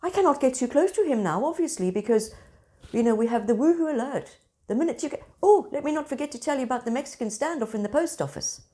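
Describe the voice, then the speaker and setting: Animated woman telling a story. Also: sits high, quick pace. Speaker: spiritual centre host. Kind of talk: casual storytelling monologue.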